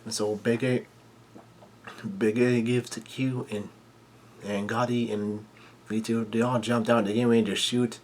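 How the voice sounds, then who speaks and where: A man casually recapping a manga chapter, halting often with fillers and restarts, and blunt enough to swear when something surprises him. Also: mid-range voice, flat delivery, slight background noise.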